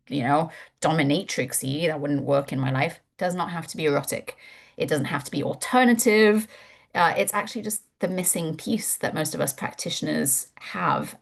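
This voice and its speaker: A woman presenting a webinar as a course instructor, candid and animated, swearing casually. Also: on the low side.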